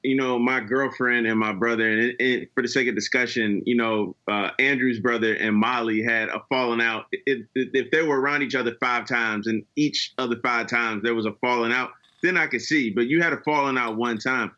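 A man's voice: mid-range voice, steady tone, brisk, few pauses, sharp tone, highs cut off. A man on a podcast panel, giving his opinion in emphatic, reasoned casual chat.

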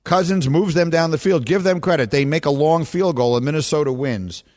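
A man's voice: fairly high pitch, a little fast. Chatty male sports radio host. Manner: animated, chatty, playful with co-hosts. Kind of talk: casual sports talk radio.

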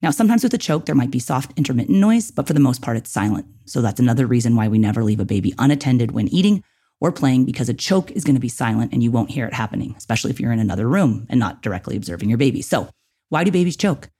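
A man's voice: medium pitch, big pitch swings, quick pace, mellow, slightly rough. A man hosting an instructional podcast, talking directly to listeners in a coaching way and often checking in with "okay" and "right". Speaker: podcast host.

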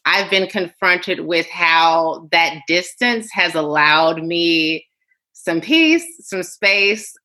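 Bright-voiced woman host. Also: fairly low pitch, animated, very slow, poor audio. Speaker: interview host. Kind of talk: interview questions.

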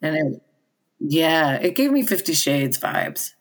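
A woman's voice: low-pitched, big pitch swings, slow. A woman co-hosting a podcast who rambles and hesitates, searching for her words in casual chat. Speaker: podcast co-host.

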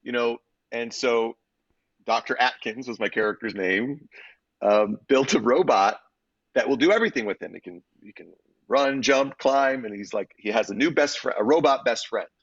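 A man, an actor and guest in an interview, telling stories in an animated and expressive way with frequent restarts. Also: mid-range voice, normal speed, dry recording. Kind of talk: conversational interview storytelling. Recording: slightly dull, dry audio.

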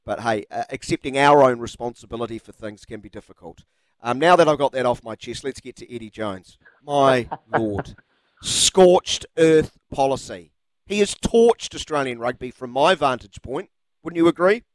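A man's voice: medium pitch, normal speed. A middle-aged man with a New Zealand accent hosting a sports radio show, arguing his points and reading out listener texts. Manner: animated, argumentative, reads out listener texts. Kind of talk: opinionated sports radio talk.

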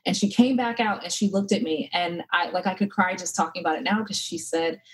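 A woman's voice: on the low side, brisk, slightly rough, poor audio. A woman in her thirties, a podcast guest, telling her story earnestly and with feeling, with many fillers and restarts. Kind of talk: casual interview talk.

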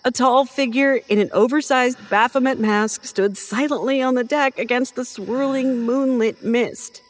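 A woman narrating a first-person horror story in an expressive, measured storytelling manner. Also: on the high side.

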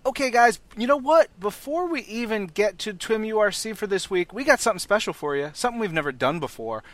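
A man hosting a podcast segment, upbeat and energetic as he introduces a guest. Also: sits high, fast, dry recording. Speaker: podcast host. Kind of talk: casual chat.

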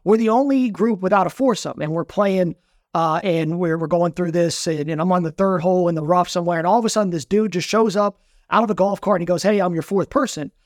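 A man talking sports as a reporter on a podcast, telling stories in a lively, animated way. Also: sits high, no echo, clean studio sound. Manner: animated storyteller, quick and bright. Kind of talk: casual podcast chat.

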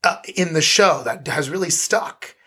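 A man co-hosting a casual podcast about a play. His voice is husky, and his talk is enthusiastic and thoughtful, full of restarts and "like"s. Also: on the high side, lively intonation, a little slow, sharp tone. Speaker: podcast co-host. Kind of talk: casual theater review chat.

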